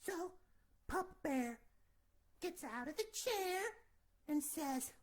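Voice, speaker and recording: A woman's voice: sits high, lively intonation, slow. A woman telling a children's story comically, rambling with sarcastic asides.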